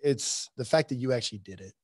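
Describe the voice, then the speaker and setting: A man's voice: medium pitch, fast, a little mellow, husky. A man interviewing a friend on a podcast, laughing often and teasing. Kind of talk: casual interview chat.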